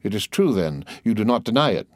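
Guy doing a cold harsh judge type, low, dry sound. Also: sing-song, a little fast, no room sound. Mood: icy. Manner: cold, contemptuous. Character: cold, harsh stern magistrate husband.

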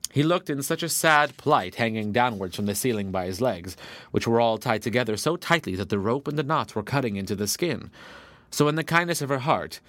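A man narrating a storybook folktale in a steady, measured way. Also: lowish voice, no echo.

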